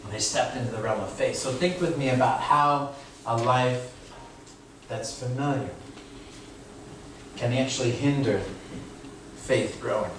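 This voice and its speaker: A man's voice: mid-range voice, a little slow, long pauses, fairly bright tone. A middle-aged man from California preaching a sermon as a pastor, talking conversationally and tagging phrases with "right?" and "you know?". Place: church sanctuary. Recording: echoey hall from far off with room noise.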